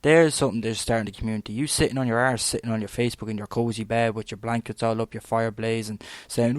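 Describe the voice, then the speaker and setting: A man's voice: medium pitch, fast talker, dry recording. A young Irish man in his twenties, hosting a podcast and ranting bluntly in a rambling monologue, swearing freely and peppering his talk with "like.". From Ireland. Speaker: podcast host.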